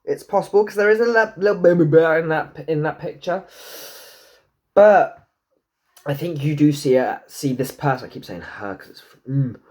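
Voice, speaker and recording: A man giving a casual tarot reading to camera, swearing freely and joking with himself. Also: normal speed. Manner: chatty, swears freely, jokes to himself, talks back to the universe; lively pitch, swoops high into silly put-on voices. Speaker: tarot and numerology reader.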